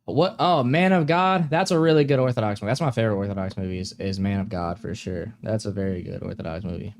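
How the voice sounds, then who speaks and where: A man's voice: on the low side, fast, vocal fry, slight background noise. A young man hosting a live stream, chatting casually with viewers in a laid-back, slangy way and laughing often.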